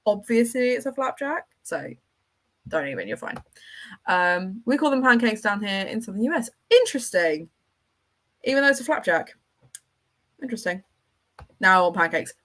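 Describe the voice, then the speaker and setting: A woman's voice: mid-range voice, a bit bright. A woman hosting a livestream, chatting casually and enthusiastically with her viewers as she rambles from one thought to the next. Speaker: livestream host.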